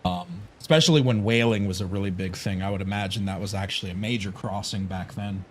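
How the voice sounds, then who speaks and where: Low-voiced American man rambling. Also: a little fast, slight background noise. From United States. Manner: rambling, musing aloud with filler words and frequent swearing. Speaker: game streamer. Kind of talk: casual live-stream chat while playing.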